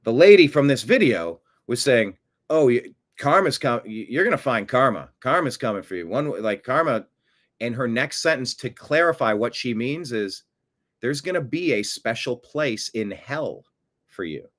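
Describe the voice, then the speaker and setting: A man hosting a profane political rant, swinging from low mutters to loud outbursts. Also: animated, moderate pace. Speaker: political commentary host.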